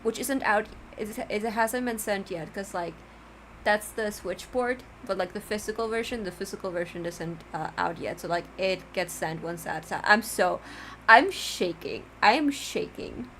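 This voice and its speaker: A woman's voice: mid-range voice, moderate pace, slight background noise. Giddy, gushing woman streamer. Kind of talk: casual let's-play commentary.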